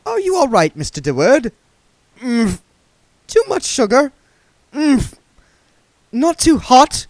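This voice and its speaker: A man voicing a fussy, genteel beggar who speaks in a high, prim and mincing way. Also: wildly swooping pitch, moderate pace, no room sound, exaggerated voice. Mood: prim fussing.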